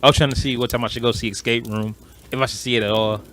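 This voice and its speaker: A man's voice: medium pitch, racing, slight background noise. A young man ranting in a casual podcast chat, acting out what coworkers say. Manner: animated, ranting, acts out quoted coworkers. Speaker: podcast co-host.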